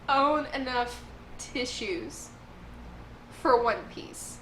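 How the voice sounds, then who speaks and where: Bright-voiced young woman gushing about anime. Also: a little high, a little slow. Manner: gushing, emotional fan. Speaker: anime review host. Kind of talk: casual review chat. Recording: roomy echo, faint noise.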